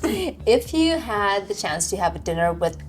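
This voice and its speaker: A woman interviewing a guest with light, playful questions. She laughs easily and keeps the guest encouraged. Her voice sits at an ordinary middle pitch. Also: big pitch swings, measured pace, soft background music.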